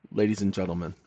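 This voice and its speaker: A man hosting his own channel, talking straight to viewers in an emphatic monologue that swings between loud and hushed. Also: low voice, no room sound. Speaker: channel host. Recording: dull lo-fi, dry sound.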